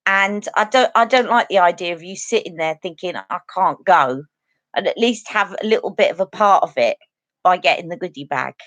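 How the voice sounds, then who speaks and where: A woman's voice: medium pitch, a bit bright, dry recording. Chatty woman on a live stream. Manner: chatty, earnest, talks to viewers directly. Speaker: beauty channel host. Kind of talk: casual live-stream chat.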